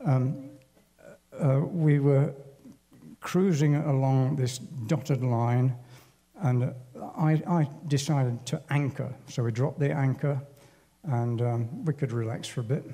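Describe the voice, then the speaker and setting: An older man telling a personal war story at a church service in a halting, unhurried, wry way. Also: mid-range voice, mellow. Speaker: church speaker. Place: church hall.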